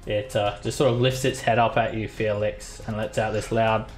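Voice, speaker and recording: A man narrating as dungeon master, halting with many fillers. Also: fairly low pitch, little pitch movement, soft background music. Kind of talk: narrating a tabletop game.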